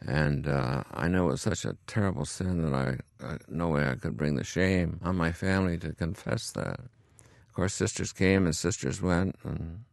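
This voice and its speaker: A man's voice: low-pitched, steady tone, normal speed, gravelly, no echo, studio quality. A retired country doctor in his eighties, telling wry stories from his school days to his grandson. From upstate New York. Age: 80s. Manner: wry, chuckling storyteller. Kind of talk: storytelling interview.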